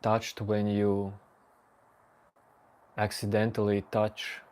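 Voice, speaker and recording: A man's voice: lowish voice, completely flat delivery, takes it slowly, a little mellow. A man hosting a late-night livestream, casually teasing and joking with his chat viewers. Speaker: livestream host.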